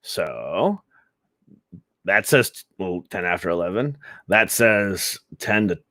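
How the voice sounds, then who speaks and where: Sarcastic male live-stream host, lively pitch. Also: takes it slowly, no echo, clean studio sound. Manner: sarcastic, laughing, rambling. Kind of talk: casual commentary on a live stream.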